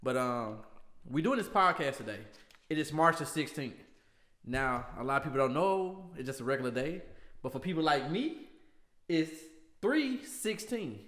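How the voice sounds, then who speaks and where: A man's voice: fairly high pitch, lively intonation, moderate pace, fairly bright tone, reverberant. A man co-hosting a casual podcast, joking and playful, throwing in catchphrases and sound effects. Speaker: podcast co-host.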